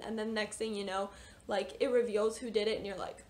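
A woman's voice: on the high side, fast talker, slight background noise. A young woman casually reviewing books for her vlog, chatty and gushing, with lots of fillers and exclamations. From United States. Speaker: book reviewer.

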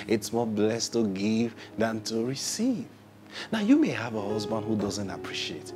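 A man's voice: fairly low pitch, big pitch swings, slow pace, soft background music. A man preaching a sermon who asks rhetorical questions, repeats his phrases and acts out what people say.

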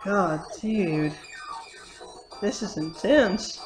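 This woman's voice is lowish, her pace slow, and she leaves long pauses while commentating her own play. As a let's player she swears and shouts at the game whenever things go badly, over faint game music.

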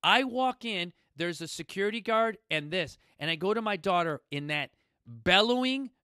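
A man in his forties with a slightly higher voice delivers a motivational story straight to the audience. His delivery is emphatic and blunt, swinging from loud bursts to quiet asides, and it is recorded close and dry with no room sound. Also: lively intonation, normal speed, clean tone, no room sound. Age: 40s. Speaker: gym founder and podcast host. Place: coastal Southern California gym studio.

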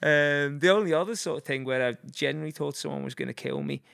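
Fast-talking and fairly high-pitched, a guest in his forties with a Scouse accent from Liverpool, England, rambles through casual stories loaded with fillers and acted-out voices. His tone is creaky and a bit bright, recorded in studio quality with no room sound.

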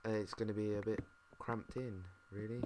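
A British man mumbling and thinking out loud, swearing now and then as he plays a game. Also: lowish voice, little pitch movement, moderate pace. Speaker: gamer. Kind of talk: casual let's-play commentary. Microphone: desk mic. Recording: noisy home mic with mouse clicks.

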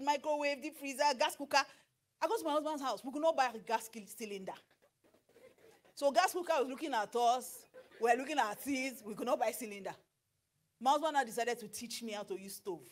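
A middle-aged Nigerian woman preaching on marriage, animated and slipping into pidgin with acted asides. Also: high voice, fast. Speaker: pastor and marriage counselor. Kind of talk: sermon.

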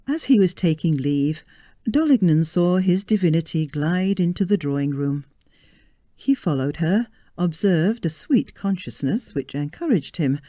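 A woman reading a romantic story aloud in a slow, expressive manner. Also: deep voice, no echo, studio quality. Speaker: story reader.

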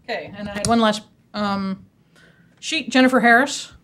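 A woman chairing a council meeting, calling speakers in a brisk, procedural way. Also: medium pitch, a bit bright. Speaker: council presiding officer.

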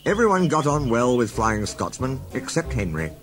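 A man narrating a storybook tale in a plain, steady way. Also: medium pitch, moderate pace. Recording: loud music and crowd noise behind.

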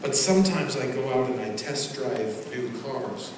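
Pastor guy preaching, gets loud then goes quiet, big hall with long reverb, noisy and far from the mic. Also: mid-range voice, expressive, unhurried. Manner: impassioned preaching, swinging between loud proclamations and quiet asides. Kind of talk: sermon. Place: large church sanctuary.

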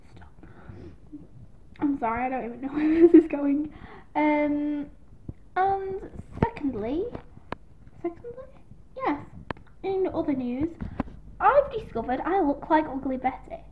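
Young girl vlogging, rambly and self-deprecating, high voice, thin phone-ish sound. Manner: giggly, self-deprecating, scattered. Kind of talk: rambling casual chat to camera. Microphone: tablet built-in mic. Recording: tinny lo-fi tablet audio with faint hiss.

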